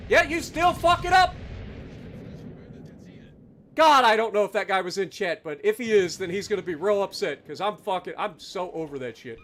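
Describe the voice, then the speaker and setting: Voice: mid-range voice, lively intonation, normal speed, fairly bright tone, slight background noise. A livestreamer giving live gameplay commentary, ranting at teammates with constant swearing, heavy sarcasm and asides to the chat. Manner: angry, profane ranting at teammates; talks to the chat.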